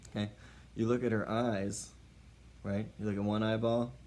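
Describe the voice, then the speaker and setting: A man with a lowish voice delivering tongue-in-cheek dating tips. He keeps a mock-serious, playful tone throughout. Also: little pitch movement, moderate pace, darkish tone. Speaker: comedic advice host. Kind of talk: mock dating-advice comedy monologue.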